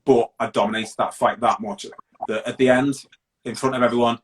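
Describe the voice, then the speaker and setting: A middle-aged British man, a guest in an interview, tells his story openly and bluntly, halting with many restarts. His voice is mid-range and steady, with a little hiss or hum and poor audio.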